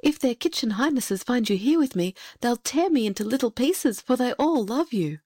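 A woman voicing a timid young kitchen maid, high and pleading, in a storybook reading. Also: animated, normal speed, dark tone, dry recording, studio quality. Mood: urgent.

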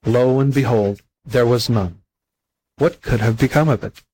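Husky-voiced man reading a fable. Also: mid-range voice, a little slow, a little mellow, poor audio. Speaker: volunteer audiobook reader. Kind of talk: storybook narration.

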